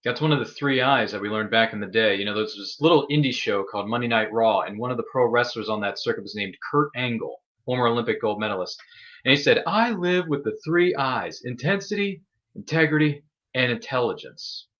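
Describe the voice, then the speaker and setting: Fast-talking rambling male show host. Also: fairly low pitch, a bit bright, highs cut off. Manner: rambling, jokey, playful asides. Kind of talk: casual chat show hosting.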